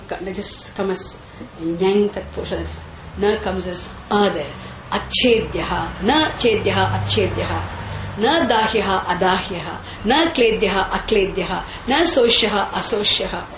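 A woman's voice: medium pitch, reverberant, a little hiss or hum, rough recording. A woman teaching a scripture class. She chants Sanskrit terms and asks and answers her own questions. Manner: slow and deliberate, repeats and chants Sanskrit terms.

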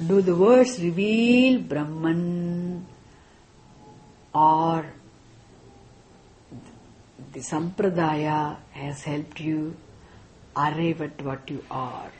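A woman teaching a class on scripture, speaking deliberately and often checking in with "isn't it?". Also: sits low, steady tone, a little mellow, slight background noise. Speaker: Vedanta teacher.

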